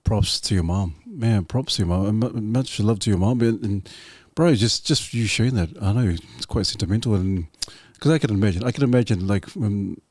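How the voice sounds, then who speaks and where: A man's voice: lowish voice, brisk, few pauses, darkish tone, dry recording. A man hosting a casual interview, rambling and repeating himself, effusive with praise. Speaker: podcast host.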